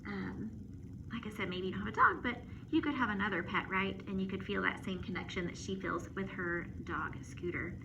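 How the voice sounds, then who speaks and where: A woman teacher reading a storybook aloud to children on camera, expressive and playful with asides and sound effects. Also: medium pitch, fairly quick, creaky. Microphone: phone or camera. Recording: muffled with steady background noise.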